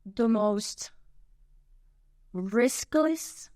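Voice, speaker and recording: Woman on a podcast, kinda high voice, blunt and emphatic, dry close sound. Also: expressive, drawn-out words, a little mellow, no room sound. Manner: frank and emphatic, with slangy asides. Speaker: podcast guest. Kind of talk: casual podcast chat.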